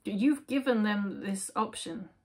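A woman giving a casual, chatty tarot reading, with many fillers and soft, near-whispered asides. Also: medium pitch, slow, slight background noise. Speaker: tarot reader.

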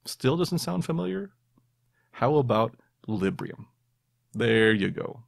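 A man's voice: medium pitch, sing-song, slow pace, creaky, no room sound, clean studio sound. A man hosting a podcast, quizzing his listeners in a playful, self-mocking way. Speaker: podcast host. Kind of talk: quiz-style podcast monologue.

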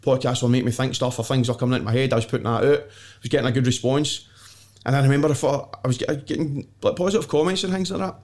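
A man's voice: medium pitch, steady tone, quick pace, a little mellow. A man with a Glaswegian accent, guesting on a podcast and telling stories in a blunt, self-mocking way, swearing freely and laughing often. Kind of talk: casual storytelling chat.

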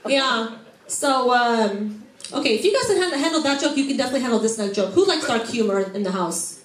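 A woman's voice: on the high side, expressive, brisk. A woman stand-up comedian doing a set on a comedy club stage, brash and profane as she teases the crowd. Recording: echoey club with background noise.

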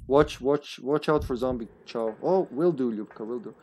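A man commenting on a live co-op survival game stream, talking casually with plenty of swearing. His voice sits at an ordinary pitch, and he now and then bursts into loud, high laughter. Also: normal speed, husky. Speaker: streamer playing co-op.

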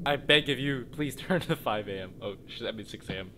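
A young man doing casual gaming commentary, joking around and yelling and swearing in panic. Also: on the high side, moderate pace, hardly any pauses, background noise. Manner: jokey, screams and swears in panic. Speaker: gaming youtuber. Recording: music playing behind.

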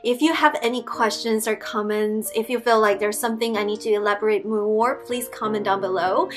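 A woman's voice: mid-range voice, steady tone, fairly quick, soft background music. A young woman, a non-native English speaker, giving earnest tips to camera in a chatty way full of "like" fillers. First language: not English. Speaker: vlogger giving language-learning tips. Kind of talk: casual talk to camera.

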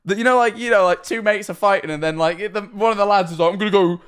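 A man's voice: high-pitched, quick pace, a bit bright, smooth. A young man casually reacting to videos on stream, rambling, swearing freely and laughing often.

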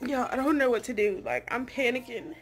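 A woman's voice: fairly high pitch, a little fast, slight background noise. A young woman and mother vlogging at home to the camera, frank and chatty, peppered with "like" and "y'all". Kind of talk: casual vlog talk to camera. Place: at home, indoors.

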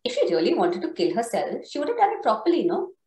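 A woman's voice: huge pitch swings, quick pace, dark tone. A woman voicing a scornful, mocking middle-aged mother-in-law in a book reading. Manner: shrill, mocking, contemptuous. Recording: roomy echo.

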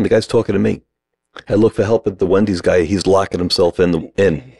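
Low gravelly man telling a story. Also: flat delivery, quick pace, darkish tone, dry recording. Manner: acts out the other people's lines in the story; short punchy sentences. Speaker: acting teacher, podcast guest. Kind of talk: animated storytelling.

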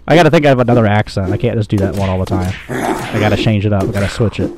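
Man, low voice, loose sweary self-mocking game commentary, faint clicking under it. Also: quick pace, background noise. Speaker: gamer, channel host. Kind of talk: casual gameplay commentary.

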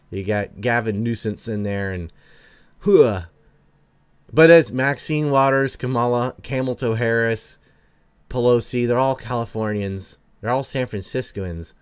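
A man's voice: fairly low pitch, clean tone, dry recording. Brash, sarcastic male livestream host. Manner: brash, sarcastic, swears freely; chuckles between remarks. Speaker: livestream host reading chat. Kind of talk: casual livestream chat.

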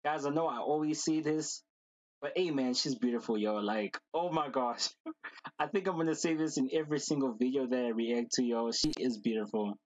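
A man hosting a reaction video, talking casually and excitedly, gushing and repeating slang fillers. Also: medium pitch, moderate pace, no echo, poor audio.

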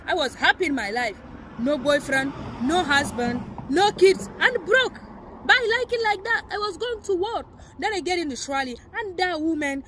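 Very high-voiced young woman w/ nigerien accent, ranting a story, swearing a lot, faint traffic noise outside. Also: expressive, moderate pace, fairly bright tone. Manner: heated, profane, emphatic retelling. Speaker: vlogger. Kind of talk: angry storytelling to camera.

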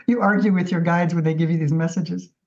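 A woman guest artist telling her story in a casual, animated interview. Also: lowish voice, moderate pace. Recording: dull lo-fi audio.

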